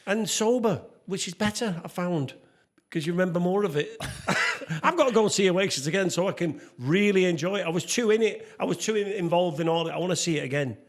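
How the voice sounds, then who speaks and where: A man's voice: expressive, brisk. A middle-aged man co-hosting a podcast, enthusiastic in casual chat, exclaiming and gasping as he reacts. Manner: enthusiastic, exclaims and gasps, swinging pitch. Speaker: podcast co-host.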